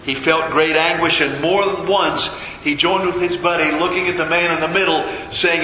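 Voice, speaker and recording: A man preaching a sermon as a pastor, telling a story with dramatic pauses and repetition. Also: fairly high pitch, steady tone, pushed and bright. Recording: echoey hall with long reverb, faint noise.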